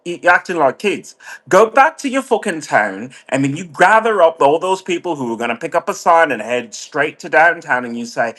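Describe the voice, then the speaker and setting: A man's voice: a little high, animated, normal speed, fairly bright tone. Profane, heated ranting man. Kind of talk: ranting monologue.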